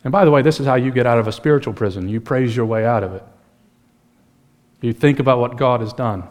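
A man preaching a sermon in an animated, conversational way, mixing in humor. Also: medium pitch, fast. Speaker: pastor.

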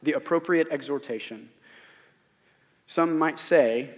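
A man with a high-pitched voice delivers a sermon from a church sanctuary. He speaks earnestly and with emphasis, asking rhetorical questions of his listeners. A long reverb hangs on every phrase. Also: normal speed. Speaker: pastor.

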